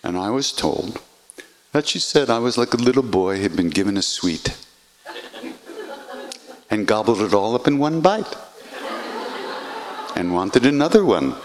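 An older man telling a personal story in an animated way, acting out voices and swearing freely. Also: lowish voice, measured pace, long pauses. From United States. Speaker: podcast host.

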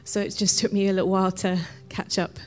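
A woman leading a congregation in prayer and preaching, speaking gently and often dropping to a whisper as she prays. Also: medium pitch, little pitch movement, fast talker. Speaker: worship leader and preacher. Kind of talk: sermon with guided prayer.

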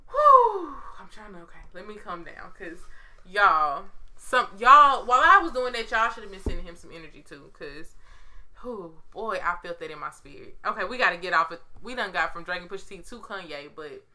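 Very bright-voiced woman chatting animatedly. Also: lowish voice, a little fast. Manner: animated, profane, slangy storytelling. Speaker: podcast co-host. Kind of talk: casual chat.

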